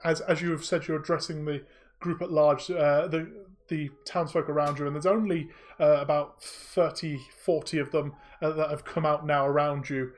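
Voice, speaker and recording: A man's voice: on the high side, steady tone, moderate pace. A man narrating a tabletop game as game master, hesitant and full of restarts. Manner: hesitant, many fillers and restarts.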